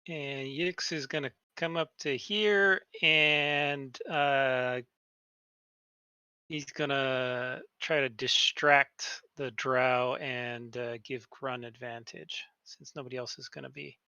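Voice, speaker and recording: A man playing in a casual tabletop game, deliberately spelling out each move. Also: mid-range voice, fairly even intonation, pushed and bright, smooth, no echo, muffled recording. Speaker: player.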